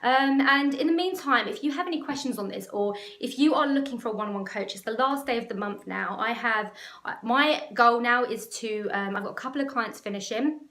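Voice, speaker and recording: A woman's voice: a little high, a little fast, fairly bright tone, reverberant. Emotional, rambling woman business coach. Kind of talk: casual talk to camera.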